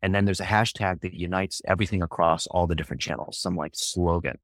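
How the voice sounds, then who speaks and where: Man, very low voice, dry close sound, podcast guest, animated storyteller, emphatic. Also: fast talker, dry recording. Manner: animated, emphatic, jumps into acted quotes. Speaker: podcast guest, digital marketer. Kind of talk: casual interview storytelling.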